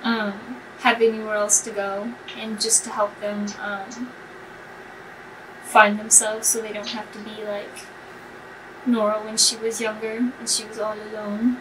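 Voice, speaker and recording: A woman playing a tabletop game, chatty and excitable, trailing off with fillers as she thinks. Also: mid-range voice, unhurried, distant mic, background noise. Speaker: player. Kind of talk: casual tabletop play.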